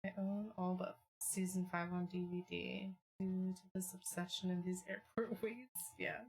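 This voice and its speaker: Streaming from home, a young woman with a fairly low voice chats casually with her viewers at an unhurried pace. Her talk rambles, is packed with fillers, and breaks into excitable bursts.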